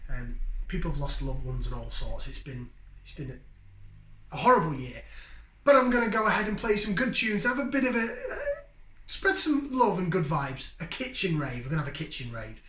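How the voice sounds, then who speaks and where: A man with a fairly high voice, hosting a relaxed beer review. He talks to his viewers in a chatty, enthusiastic way. The recording carries a noticeable room echo. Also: fairly quick. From Yorkshire, England. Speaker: beer review channel host. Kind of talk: casual beer review vlog. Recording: roomy, echoey room sound.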